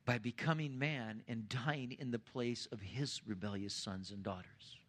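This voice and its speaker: A man preaching a sermon as pastor, swelling louder and higher on key points and dropping to a hushed, low voice at the ends of lines. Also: measured pace, husky.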